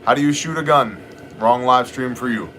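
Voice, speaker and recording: A man in middle age hosts a live stream with a bright, forceful voice. He talks in a blunt, joking, rambling way, with faint noise in the background. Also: mid-range voice, moderate pace. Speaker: livestream host answering chat questions. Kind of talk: casual live chat.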